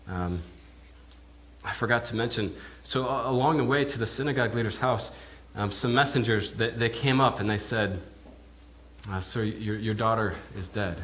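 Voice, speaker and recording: A man, a minister, telling a sermon in character as a first-person eyewitness, halting and repeating words as he goes. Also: mid-range voice, a bit bright, slight background noise. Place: church.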